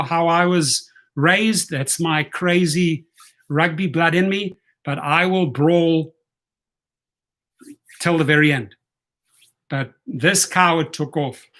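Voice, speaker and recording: A man's voice: a little high, a bit bright. A man telling a story in a casual vlog, blunt, profane and fired up. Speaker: rideshare vlogger.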